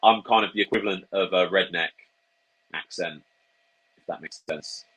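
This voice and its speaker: Husky Norfolk man, low voice. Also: normal speed, fairly bright tone, poor audio. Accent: Norfolk English. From England. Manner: laid-back, swears casually. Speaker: wrestler guest. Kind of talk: casual interview chat.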